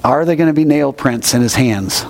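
A man's voice: medium pitch, normal speed, gravelly, darkish tone. A middle-aged man preaching a sermon, conversational and emphatic as he explains scripture. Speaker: pastor.

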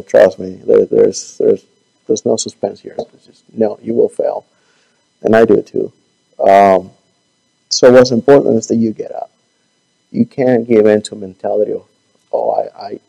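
A man with a low, gravelly voice teaches a Bible class. His voice is going hoarse, and he halts and stumbles as he hunts for words. The tone stays dark and mellow throughout. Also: poor audio. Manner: halting, stumbles and repeats words. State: losing his voice. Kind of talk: Bible study teaching and closing prayer.

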